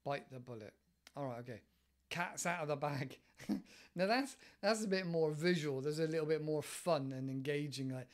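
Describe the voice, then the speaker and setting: A man talks through a podcast lesson in a relaxed, rambling way. His voice sits a little high for a man. He often stops himself mid-thought and steers back to the point. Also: normal speed. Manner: chatty, wandering, self-interrupting. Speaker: English teacher podcast host.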